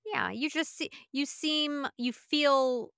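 A woman's voice: sits high, slow, gravelly, a bit bright, dry recording, studio quality. A woman co-hosting a podcast, chatting casually and laughing easily. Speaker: podcast co-host. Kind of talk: casual chat.

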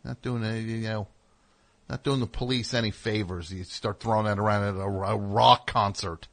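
Man, radio host, casual rambling storyteller, low voice, forceful bright tone. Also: fairly even intonation, moderate pace, vocal fry. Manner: rambling, self-correcting, wry asides. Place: radio studio.

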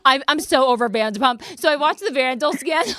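A woman's voice: sits high, fairly bright tone, dry recording, studio quality. A young woman hosting a podcast in a casual chat, rambling and laughing often as she talks. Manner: giggly, rambling, frequent laughs and self-interruptions. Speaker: podcast host.

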